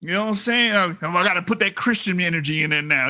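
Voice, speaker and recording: High, bright-voiced man ranting profanely. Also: fast talker, hardly any pauses. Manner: profane, combative, repeats himself for emphasis; laughs at his own jokes. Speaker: online commentator. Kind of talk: heated casual commentary rant. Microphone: talking into a mic.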